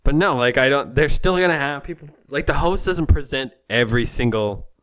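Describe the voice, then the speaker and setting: A man's voice: mid-range voice, a little fast, fairly bright tone. A man co-hosting a casual podcast, trading dry teasing remarks and laughing often. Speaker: podcast co-host. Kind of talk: casual chat.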